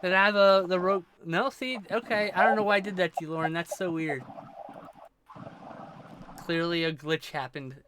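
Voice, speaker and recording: A man's voice: high voice, moderate pace, long pauses, background noise. A man streaming live, talking to his chat in a rambling, scattered way with a lot of swearing, and he is stoned. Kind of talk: casual chat with chat.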